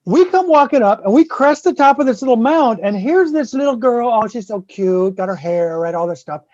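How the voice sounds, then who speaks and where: A man's voice: very high-pitched, animated, moderate pace, darkish tone, no echo. Profane man spinning a story, lo-fi. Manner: profane, swearing freely; acts out the people in his stories. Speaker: guest host. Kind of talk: casual podcast storytelling.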